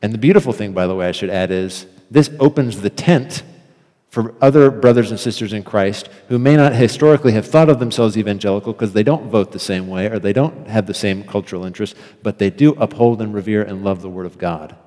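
A man's voice: on the low side, brisk, dark tone, in a large hall. A man giving an earnest, emphatic theology lecture and repeating phrases for effect.

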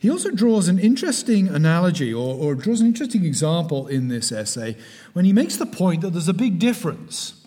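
A middle-aged man from the West Country of England with a West Country accent, giving a measured, emphatic sermon-style lecture that sinks to a hush on key words. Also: a little high. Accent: West Country English.

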